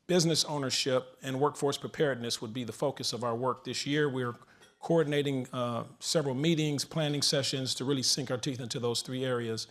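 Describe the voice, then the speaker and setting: A man's voice: mid-range voice, steady tone, brisk, a bit bright. A man speaking into a handheld mic at a large public forum, moderating and announcing with energy. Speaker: moderator and organization leader. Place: large event hall.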